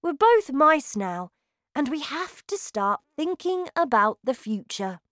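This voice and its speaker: A woman voicing a calm, sensible young boy turned into a mouse, speaking patiently in a storybook reading. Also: high-pitched, takes it slowly, dry recording, studio quality, pitched above the performer's own voice, exaggerated voice.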